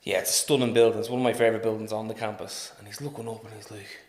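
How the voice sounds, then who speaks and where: A man with a Dublin accent, a podcast guest telling stories in a casual, animated way, laughing and swearing often. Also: on the low side, very fast. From Ireland. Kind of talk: casual storytelling. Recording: roomy echo.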